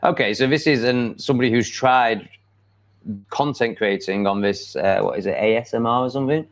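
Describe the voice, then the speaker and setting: On a casual live stream, an English-accented man speaks at medium pitch and a moderate pace. He rambles, blunt and self-assured, packing his talk with ums and likes, and the lo-fi stream audio sounds dull.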